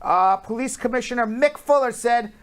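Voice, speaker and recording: A man's voice: extremely high pitch, moderate pace. A man hosting a talk show, reading news headlines in a casual, jokey way and drawling out numbers. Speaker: host.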